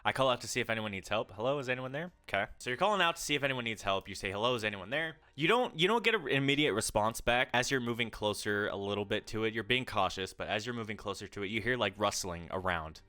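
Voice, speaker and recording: A man's voice: lowish voice, expressive, fast talker, hardly any pauses, pushed and bright. A man running a tabletop game as game master, narrating loosely with lots of fillers. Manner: loose, filler-heavy storytelling.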